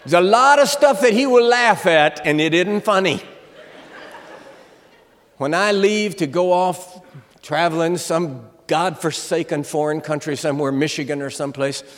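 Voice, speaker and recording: Older man preaching with booming comic flair. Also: unhurried. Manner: storytelling with comic timing, shouting at peaks. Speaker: guest preacher. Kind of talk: humorous sermon. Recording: long reverb of a large hall.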